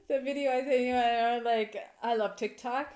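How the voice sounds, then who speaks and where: A woman's voice: fairly high pitch, a little mellow, a little hiss or hum. A woman co-hosting a podcast in casual chat, playful and given to acting out little quoted scenes. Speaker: podcast co-host. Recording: echoey room.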